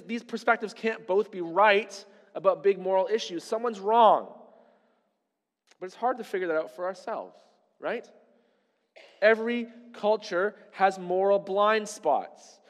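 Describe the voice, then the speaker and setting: A high-pitched male voice preaches a sermon in a long, ringing reverb. He talks to the congregation in a conversational way and keeps asking them rhetorical questions. The room sounds like a large church sanctuary. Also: fairly bright tone. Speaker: pastor.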